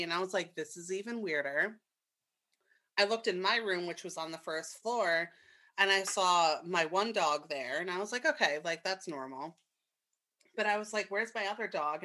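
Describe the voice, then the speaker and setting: Casting note: young woman podcaster, bright slightly low voice, candid swearing storyteller. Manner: candid, swears freely, quick asides. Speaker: podcast co-host. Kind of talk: casual storytelling chat.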